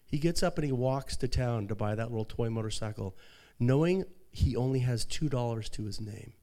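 A man preaching a sermon as pastor, telling a story softly and then rising into fervent, high-pitched preaching. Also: moderate pace.

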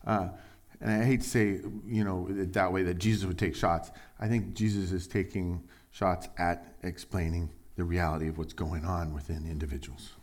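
At a moderate pace, a pastor delivers a spirited sermon of booming emphatic moments and soft, low side remarks. He brings quoted figures to life by imitating how they speak.

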